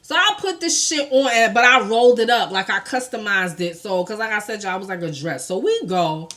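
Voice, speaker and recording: A woman's voice: mid-range voice, animated, a little fast, bright, forceful tone. A woman from New York with a New York accent, telling a storytime tale in a blunt, profane way, talking straight to the viewers. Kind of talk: casual storytime vlog.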